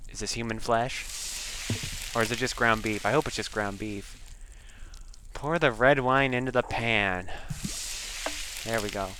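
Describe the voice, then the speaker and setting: A man's voice: mid-range voice, a little slow, pauses often, background noise. A man giving casual let's-play commentary close to a desk microphone, rambling with self-deprecating asides and breathing audibly into the mic. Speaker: game commentator.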